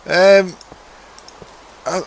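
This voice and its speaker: This young streamer from Hull, East Yorkshire, England, speaks extremely slowly in a high, creaky voice with fairly even intonation and a mild Hull accent, with a little hiss or hum in the audio. He gives rambling, casual gameplay commentary to his live chat, mumbling to himself and swearing casually.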